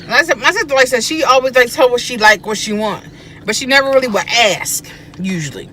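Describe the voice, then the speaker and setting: Animated woman telling family stories. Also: a little high, a little fast, slight background noise. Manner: animated, acts out quoted speech. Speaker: guest, host's sister. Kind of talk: casual storytelling chat. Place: inside a car.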